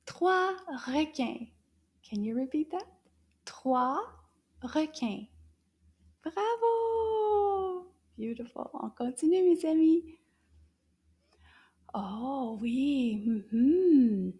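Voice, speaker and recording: A woman teaching a French lesson to children, animated and exaggerated, gasping with delight and slipping into soft half-whispered asides as she coaxes listeners to repeat words. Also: high voice, drawn-out words, pauses often, breathy edge. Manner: switches between French and English, coaxing listeners to repeat.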